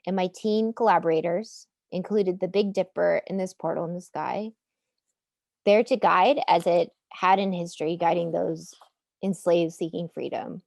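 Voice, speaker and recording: A woman's voice: on the low side, steady tone, moderate pace, gravelly, a little mellow, no echo. A woman artist giving an earnest, impassioned presentation over a video call. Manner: earnest, impassioned, rising to a rallying close. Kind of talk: prepared presentation in a webinar.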